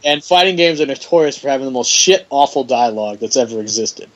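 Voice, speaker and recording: A man's voice: medium pitch, expressive, fast talker, poor audio. A man hosting a podcast in casual chat, blunt and jokey, steering the talk along. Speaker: podcast host.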